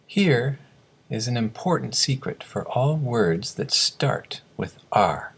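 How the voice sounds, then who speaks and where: Slow, gravelly male pronunciation teacher. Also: mid-range voice, animated. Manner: slow, deliberate word drills. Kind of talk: scripted lesson narration.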